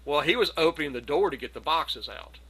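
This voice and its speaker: A middle-aged man spins a rambling anecdote over a video call, lively and conversational, now and then putting on other people's voices. His voice sits a bit high for a man and rings bright and forward. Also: a little fast, slightly rough, low-quality recording. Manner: animated anecdote, acts out quoted voices. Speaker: community gathering participant. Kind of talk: casual storytelling.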